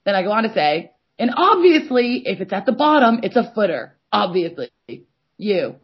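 A woman's voice: mid-range voice, animated, quick pace, slightly rough. A woman co-hosting a podcast, telling an exasperated, sweary story in casual chat and mimicking the other person's replies. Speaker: podcast co-host.

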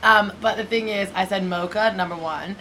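A woman with an American accent, co-hosting a casual podcast, expressive and teasing and quick to laugh. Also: mid-range voice, slight background noise, rough recording. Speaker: podcast co-host. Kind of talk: casual banter.

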